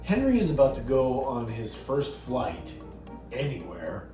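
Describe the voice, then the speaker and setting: A man hosts a comedic vlog with a lively, swooping delivery, full of jokes at his own expense. His voice sounds roomy and a little distant, with music playing clearly behind it. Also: mid-range voice, a little slow. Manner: jokey, animated, self-mocking. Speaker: host. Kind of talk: comedic casual vlog talk.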